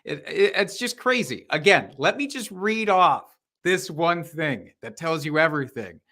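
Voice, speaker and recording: A man's voice: fairly high pitch, lively intonation, unhurried, pushed and bright. A man co-hosting a casual podcast, laid-back, swearing and laughing often. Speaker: podcast co-host.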